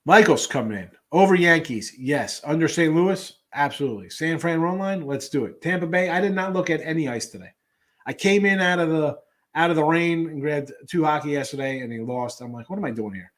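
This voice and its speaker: A man's voice: on the high side, animated, a little fast. A middle-aged man hosting a sports betting show, talking casually in a rambling way with lots of fillers and restarts.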